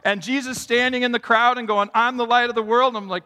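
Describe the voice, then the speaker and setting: A middle-aged man preaching a sermon as pastor in a church, acting out quotes with big swings in pitch and loudness. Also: fairly quick, hardly any pauses, smooth. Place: church sanctuary. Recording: long hall reverb.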